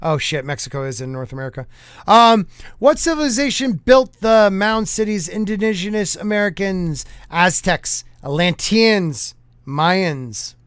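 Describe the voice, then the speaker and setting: A man's voice: sits high, expressive, a little slow, fairly bright tone, clean tone, no echo, clean studio sound. A man hosting a podcast, joking casually and stumbling over words as he reads old newspapers aloud. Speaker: podcast host.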